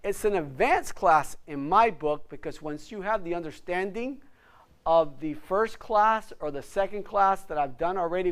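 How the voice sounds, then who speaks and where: Guy with a high voice running an agent training class, pushy motivational tone, says things twice. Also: clean tone. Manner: emphatic, motivational, repeats words for stress. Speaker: real estate broker teaching agents. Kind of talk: instructional class talk. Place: office classroom.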